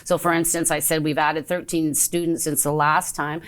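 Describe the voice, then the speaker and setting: A Canadian woman with a low voice speaks as a guest on a community TV show. She is an earnest program coordinator who often stumbles and fills pauses with "um". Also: level tone. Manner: earnest, stumbling, with frequent fillers. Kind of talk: community TV interview.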